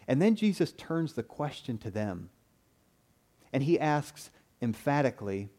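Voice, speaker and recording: Brief: male pastor mid-sermon, earnest, mellow timbre, stammered restarts. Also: mid-range voice, very animated, measured pace. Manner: earnest, repeats words when starting phrases. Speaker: preacher.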